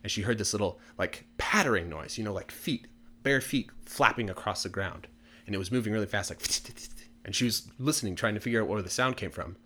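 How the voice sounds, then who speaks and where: A man casually telling a folk tale for English learners in a relaxed, chatty way with many fillers. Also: on the low side, a little fast. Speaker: storyteller.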